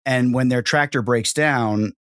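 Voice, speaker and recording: A man's voice: mid-range voice, unhurried, a bit bright, no room sound. An American man hosting a podcast, talking in loose, rambling runs full of restarts. His voice sits mid-range and is recorded close and dry, with no room sound. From United States. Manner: rambling, repeats himself, says "like" a lot. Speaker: podcast host. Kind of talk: casual interview chat.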